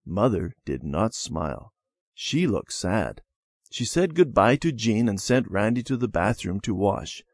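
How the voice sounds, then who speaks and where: A man reading a children's story lesson in a measured storybook manner. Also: on the low side, sing-song, dry recording, clean studio sound. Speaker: reader. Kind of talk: scripted narration of a children's lesson.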